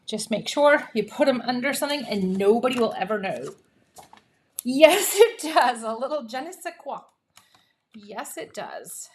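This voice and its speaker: A woman's voice: a little high, expressive, measured pace, slight background noise. A woman hosting a live papercraft demonstration from her home craft room, chatty and upbeat, laughing often and cheering herself on. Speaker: papercraft host.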